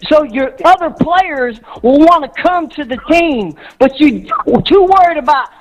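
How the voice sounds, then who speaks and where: A female caller on a sports talk show, ranting hard. Her voice is high, and she keeps raising it to a shout, repeating herself to hammer each point home. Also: lively intonation, a little slow, rough recording. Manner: fired-up, shouting, repeats for emphasis. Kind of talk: heated call-in rant.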